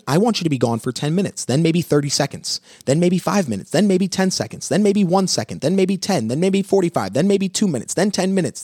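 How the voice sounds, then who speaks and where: Energetic man coaching dog training. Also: medium pitch, husky, no echo, clean studio sound. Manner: energetic, coaching, repeats steps rhythmically. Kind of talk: live-streamed pet advice talk.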